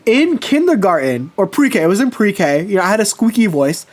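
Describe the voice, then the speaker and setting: A man chatting casually with his livestream viewers, telling personal stories with lively swearing. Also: high-pitched, normal speed. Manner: animated storytelling, swears casually. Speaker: streamer.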